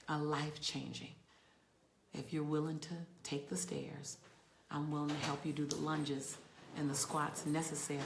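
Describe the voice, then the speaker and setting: A woman talking to viewers on a casual livestream from a rental room, emphatic and warm, sometimes dropping to soft near-whispers. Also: low voice, reverberant, noisy background. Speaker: motivational speaker hosting a livestream.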